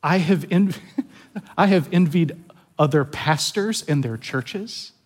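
A man's voice: fairly high pitch, takes it slowly, breathy edge. A man pastor giving a sermon in an earnest, confessional way, often repeating words as he stresses a point.

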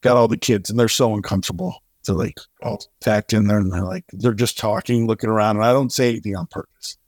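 A man guest on an interview show, telling stories in an animated way and acting out the voices of the people in them. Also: fast, dry recording, clean studio sound. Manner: animated, acts out quoted voices with big pitch jumps. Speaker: charity co-founder, guest. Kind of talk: storytelling in an interview.

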